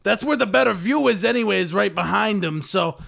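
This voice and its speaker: A man's voice: high voice, lively intonation, brisk, creaky, a bit bright, heavily acted. A man voicing a crude, boastful male company boss who talks in ungrammatical tough-guy slang, in an improvised comedy podcast bit. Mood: cocky. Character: crude boastful male CEO Eddie, brother, middle-aged. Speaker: podcast co-host.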